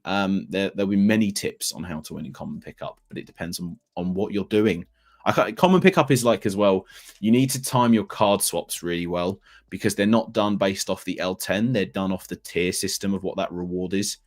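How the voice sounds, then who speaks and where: A man in his thirties, rambling and self-deprecating as he chats through a live stream. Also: low-pitched. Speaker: fantasy basketball streamer.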